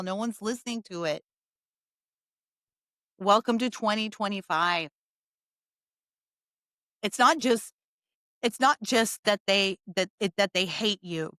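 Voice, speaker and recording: A woman's voice: fairly high pitch, a bit bright, dry recording. A woman hosting a political opinion monologue, talking emphatically and sarcastically and hammering points by repeating them. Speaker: political commentator host.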